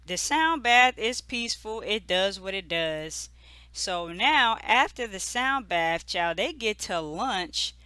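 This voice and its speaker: Chatty recap host with a bright voice. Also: mid-range voice, clean tone, no room sound. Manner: chatty, filler-heavy storytelling with lots of "like" and "you know"; amused, gossipy asides. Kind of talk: casual episode recap.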